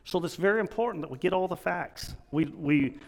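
A man preaching a sermon in an earnest, halting way, restarting his sentences often. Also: sits high, vocal fry, a little mellow, long reverb tail.

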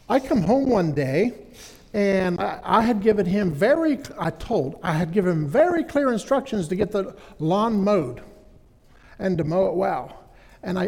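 Husky high-voiced man preaching in a hall. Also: darkish tone. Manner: earnest storyteller, repeats and restarts. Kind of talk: sermon with personal story.

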